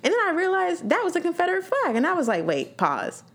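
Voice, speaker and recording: A woman's voice: very high-pitched, wildly swooping pitch, fast talker, slight background noise. A woman co-hosting a podcast, chatting casually with lots of fillers and laughter. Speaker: podcast co-host.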